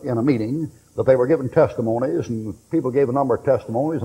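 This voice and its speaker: A man's voice: a little high, slightly rough, dull audio. A man preaching a sermon in a folksy storytelling way, acting out the voices in his stories. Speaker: pastor. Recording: reverberant hall recording.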